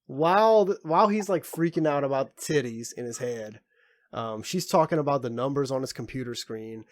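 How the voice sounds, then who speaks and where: A man hosting a casual anime podcast, recapping an episode in a loose, profane, animated way. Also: medium pitch, moderate pace, no room sound, clean studio sound. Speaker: podcast host.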